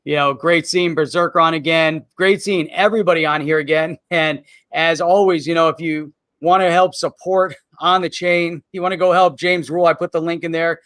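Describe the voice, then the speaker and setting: A man's voice: a little high, steady tone, normal speed, fairly bright tone, no echo, clean studio sound. A man hosting a live show in a loose, chatty way, often dropping "man" and "you know". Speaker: livestream show host. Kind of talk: casual chat.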